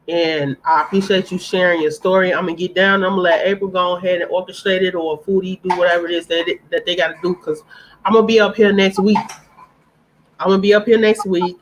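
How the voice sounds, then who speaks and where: A woman's voice: lowish voice, slight background noise, low-quality recording. A woman speaking on a live-stream panel, earnest and heartfelt, repeating phrases for emphasis.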